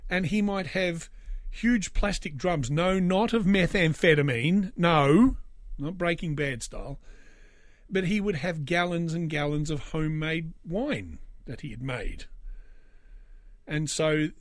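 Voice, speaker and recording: An Australian man in his forties tells a personal story in a loose, rambling way, full of fillers and wry asides. His voice sits somewhat high for a man. The sound is dry, with no room around it. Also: animated, slow pace, dry recording. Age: 40s. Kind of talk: casual storytelling.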